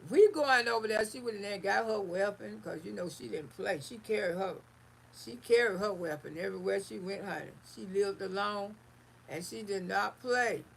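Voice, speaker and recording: A woman hosting a live stream, telling a personal story in an animated, casual way and calling listeners honey. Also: mid-range voice, moderate pace, gravelly, slight background noise.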